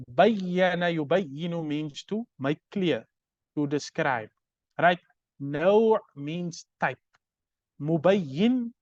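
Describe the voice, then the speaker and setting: A man's voice: on the high side, darkish tone, no room sound, dull audio. A man teaching Arabic grammar in a recorded lecture, explaining step by step and often checking understanding with "right?".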